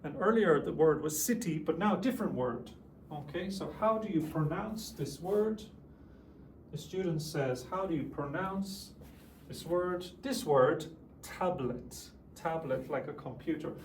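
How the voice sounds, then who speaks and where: A man teaching an English lesson, speaking slowly and clearly and repeating example words for his students. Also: a little high, lively intonation, roomy sound, a little hiss or hum. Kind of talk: classroom language lesson.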